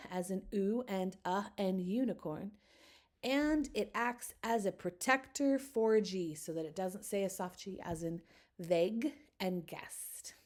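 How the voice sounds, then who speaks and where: An upbeat woman talks through a recorded phonics lecture. Her pitch sits in a medium range, and she keeps the delivery chatty. When she stumbles over a word, she laughs it off. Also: darkish tone. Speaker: teacher trainer.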